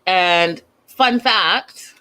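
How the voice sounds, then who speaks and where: A woman hosting a casual recap, talking in an animated, sassy, slangy way. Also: lowish voice, extremely slow. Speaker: host.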